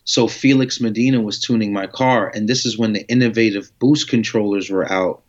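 A man's voice: lowish voice, moderate pace. A man telling a long story in a casual interview, acting out conversations with slang and swearing. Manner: animated, acts out dialogue with slang and swearing. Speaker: guest telling his story. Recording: muffled lo-fi audio.

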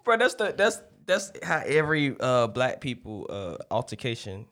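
A young adult man co-hosting a podcast, arguing back and forth in animated banter. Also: medium pitch, moderate pace. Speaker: podcast co-host. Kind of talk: casual chat.

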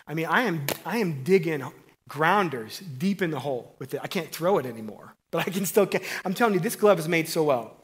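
A middle-aged man preaching a conversational, energetic sermon, loud on emphasis and hushed on asides. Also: on the high side, a little fast.

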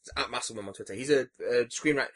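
A man's voice: medium pitch, rapid-fire, fairly bright tone. A man co-hosting a casual film podcast, chatty, chiming in and adding facts. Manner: chatty, interjecting, adds facts. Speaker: podcast co-host.

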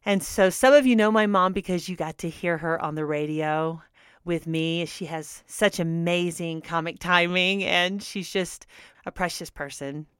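Middle-aged woman, radio host, candid personal story, smooth clear voice, fairly low pitch. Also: a little slow, fairly bright tone, no room sound, clean studio sound. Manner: earnest, candid, laughs often. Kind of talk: personal testimony talk.

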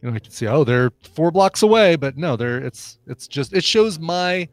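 A man's voice: on the high side, lively intonation, moderate pace, no echo, soft background music. A man co-hosting a podcast who talks in a chatty, rambling way and tells stories with animation. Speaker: podcast co-host. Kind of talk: casual podcast chat.

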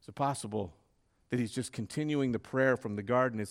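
A man preaching a sermon with fervor, dropping to a hush and then rising to loud, dramatic peaks. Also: medium pitch, fairly quick. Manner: dramatic preaching, swinging from hushed to loud, fervent.

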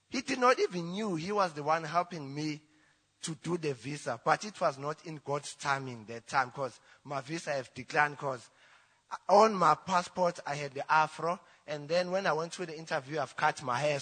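A South African man whose first language is Zulu, telling his personal testimony in church in halting English with restarts. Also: on the high side, bright, forceful tone, breathy edge. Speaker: church member giving testimony. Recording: reverberant church hall.

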